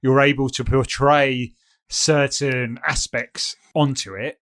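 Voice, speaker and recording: Man podcast co-host, mid pitch, rambling and hesitant, dry sound. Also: fairly even intonation, slow, fairly bright tone, smooth, no echo. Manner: meandering, hesitant, many fillers. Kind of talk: casual chat.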